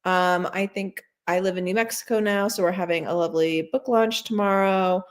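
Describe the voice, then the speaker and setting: A woman's voice: steady tone, moderate pace. Chatty self-deprecating woman author. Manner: chatty, self-deprecating, squeaks into high voices when quoting herself. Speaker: debut novelist guest. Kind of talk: casual interview chat.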